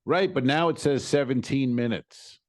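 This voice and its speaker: A man's voice: mid-range voice, moderate pace. A man co-hosting a comedy podcast, telling a travel story casually and acting out both sides of the exchanges with exasperation. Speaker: podcast co-host.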